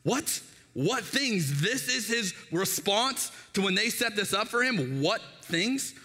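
Speaking slowly in a high-pitched voice, a thirty-something pastor tells stories in his sermon and animatedly performs the voices of their characters. A long hall reverb surrounds the recording.

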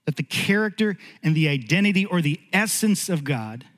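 A man in his thirties preaching a sermon as a pastor, telling stories animatedly and dropping low and slow when he turns earnest. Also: big-room sound. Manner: animated storytelling, voice jumps high for acted quotes, drops low and slow when earnest. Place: church sanctuary.

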